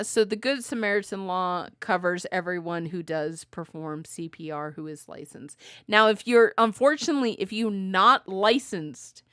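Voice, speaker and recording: A woman co-hosting a podcast in casual chat, telling animated stories, acting out quotes and laughing often. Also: mid-range voice, clear, resonant tone, no room sound, studio quality. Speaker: podcast co-host.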